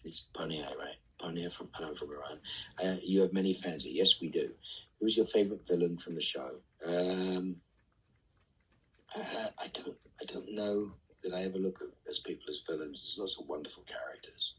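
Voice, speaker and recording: A man reading fan questions aloud and answering them casually in a live online Q&A, often trailing off into soft asides. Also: low voice, moderate pace, breathy edge, far from the mic, rough recording.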